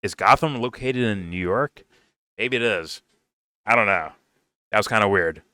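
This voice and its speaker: A man's voice: on the low side, moderate pace, bright, forceful tone, dry recording, studio quality. A young man casually reviewing a film, rambling and swearing with lots of fillers and laughs. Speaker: movie reviewer.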